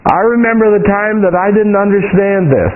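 A male preacher with a high, light voice delivers a sermon with frequent amens and a storyteller's pace. He acts out the prayers he once cried out. The sound is thin and phone-like, as if heard over an old radio broadcast. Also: lively intonation, a little fast. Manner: call-and-response amens, storytelling with quoted prayers.

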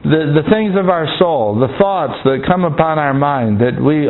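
A man preaching a Bible-study sermon, halting and repeating words, often asking the congregation "Amen?". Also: high-pitched, big pitch swings. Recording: tinny phone-like line.

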